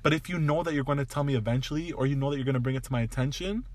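A man's voice: medium pitch, racing. A man from Toronto, co-hosting a casual chat, blunt and emphatic, swearing freely and getting heated. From Toronto, Canada. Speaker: podcast co-host.

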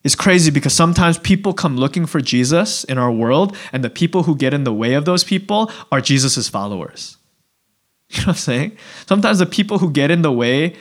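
A male pastor preaching a sermon in a relaxed, conversational way, acting out little voices and asides. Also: on the high side, moderate pace. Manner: conversational, animated, acts out voices.

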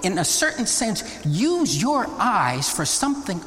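A man preaching a Bible teaching sermon, deliberate and emphatic, often rising into exclamations. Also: high-pitched, very animated, a bit bright. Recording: long reverb of a large hall.

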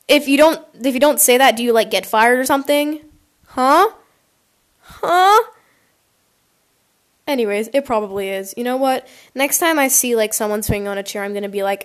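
A woman's voice: a little high, normal speed. A woman podcast host chatting casually and reacting to listener confessions, rambling and acting out quotes in silly voices, on a poor quality mic.

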